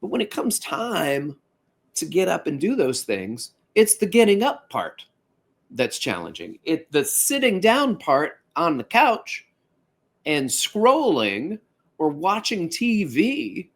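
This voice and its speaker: Animated man hosting a fitness podcast. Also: high-pitched, slow pace, creaky. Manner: animated, conversational, with playful asides. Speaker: podcast host. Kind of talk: casual podcast monologue.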